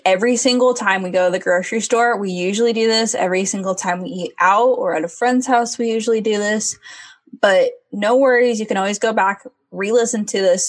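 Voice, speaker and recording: Chatty young woman podcast co-host. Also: mid-range voice. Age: young adult. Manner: chatty, earnest, many fillers. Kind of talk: podcast chat.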